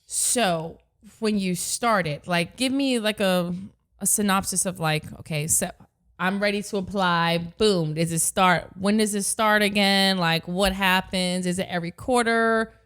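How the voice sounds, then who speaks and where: A woman's voice: medium pitch, unhurried, fairly bright tone, clean tone. A woman hosts a casual podcast interview. Her voice sits in a mid range, and she chimes in with encouraging affirmations as she asks her questions. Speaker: podcast host.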